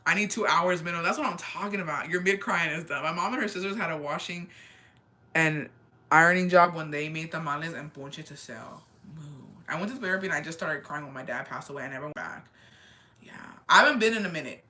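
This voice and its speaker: Candid young woman chatting, bright and forceful. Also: fairly low pitch. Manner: candid, swears freely, drops Spanish phrases; emphatic, repeats phrases. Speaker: livestream host. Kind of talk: casual chat answering viewer comments.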